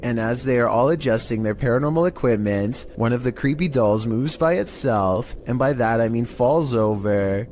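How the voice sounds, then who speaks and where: A man narrating a countdown of scary internet videos in a flat, monotone scripted delivery. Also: medium pitch.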